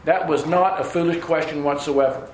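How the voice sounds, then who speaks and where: A man's voice: fairly high pitch, steady tone, moderate pace, slight background noise. A man preaching a sermon, telling homespun stories and chuckling as he goes. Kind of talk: sermon with folksy storytelling. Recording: roomy hall with faint ambience.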